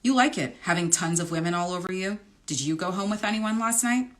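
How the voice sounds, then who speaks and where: A woman's voice: fairly low pitch, brisk, lightly acted. A woman reading as a snippy college girl. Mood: sarcastic. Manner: snippy, sarcastic. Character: sharp-tongued young college woman, annoyed. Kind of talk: romance novel read-aloud.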